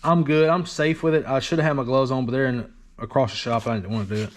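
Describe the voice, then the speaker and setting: A man's voice: medium pitch, fairly even intonation, fast. A man casually narrating his work in a workshop garage, rambling and self-deprecating. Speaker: DIY truck builder. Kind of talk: casual shop vlog narration.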